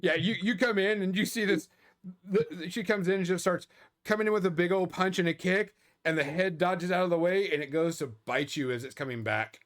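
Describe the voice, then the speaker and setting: A man's voice: sits high, fairly quick. A man narrating a tabletop game as game master in a loose, casual way, full of fillers and little chuckles.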